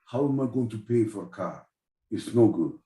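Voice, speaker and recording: A man's voice: on the low side, lively intonation, moderate pace, mellow, echoey room, distant mic, close to an everyday voice. A man voicing a Russian man with a put-on Russian accent and broken grammar. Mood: emphatic.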